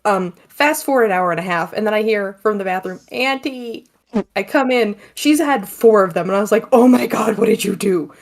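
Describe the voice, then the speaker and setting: A woman's voice: mid-range voice, brisk. Woman, casual co-host; chatty storyteller, loose and profane. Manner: storytelling, swearing, laughing often. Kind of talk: casual chat.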